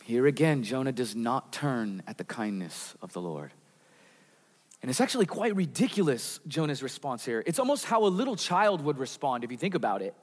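A man preaching a sermon in a church, earnest, with dramatic drops in pitch and volume. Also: very animated, moderate pace. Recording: reverberant hall.

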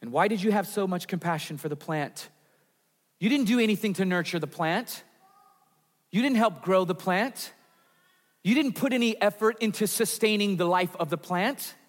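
High-voiced man preaching in a reverberant hall. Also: moderate pace. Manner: earnest, dramatic drops in pitch and volume. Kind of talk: sermon.

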